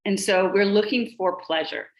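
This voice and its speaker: A middle-aged woman, a pediatrician and life coach, explaining emotions on a podcast and listing examples in a steady rhythm. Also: medium pitch, normal speed, rough recording.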